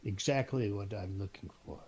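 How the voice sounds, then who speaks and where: A man's voice: fairly low pitch, moderate pace, very noisy. A man playing in a tabletop game, speaking in a brief, matter-of-fact way. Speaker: player. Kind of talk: casual tabletop play.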